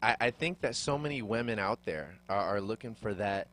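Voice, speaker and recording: A man's voice: lowish voice, expressive, fairly quick, a bit bright. A man hosting a live radio talk show, teasing his guest playfully and using lots of um and uh. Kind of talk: casual banter on live radio.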